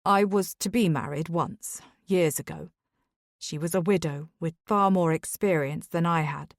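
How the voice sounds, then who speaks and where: A woman's voice: sits low, unhurried, no echo, studio quality. A woman voicing a grave, remorseful aristocratic husband in Victorian society. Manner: grave, hoarse-edged apology.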